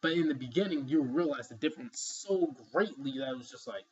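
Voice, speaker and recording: A man's voice: medium pitch, fairly quick, few pauses, breathy edge, muffled recording. A man giving an emphatic, rambling opinion commentary, filled with "you know" asides. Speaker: vlogger.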